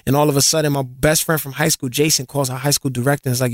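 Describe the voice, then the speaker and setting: A man from New York telling stories as an interview guest, animated and slangy, often repeating words. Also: medium pitch, quick pace, hardly any pauses, dry recording, studio quality. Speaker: interview guest, singer and actor. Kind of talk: casual interview storytelling.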